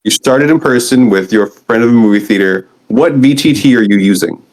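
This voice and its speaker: A man's voice: mid-range voice, brisk, a little mellow, low-quality recording. Encouraging male interview host. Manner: encouraging, affirming. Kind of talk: casual interview.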